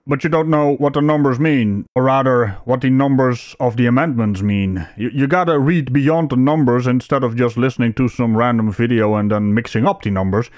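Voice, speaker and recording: A man's voice: mid-range voice, fairly quick, few pauses, darkish tone, no echo. A man with a Dutch accent narrates a video commentary in a sarcastic, mocking tone. His voice sits in the middle range and sounds dry and close to the mic, with no room around it.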